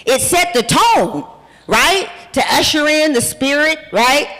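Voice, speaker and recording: High bright lady hyping up a conference crowd, loud, cussing, big hall echo. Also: animated, takes it slowly. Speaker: conference speaker. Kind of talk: hype-style motivational talk. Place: large conference hall with music playing. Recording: hall reverb, from a stage mic.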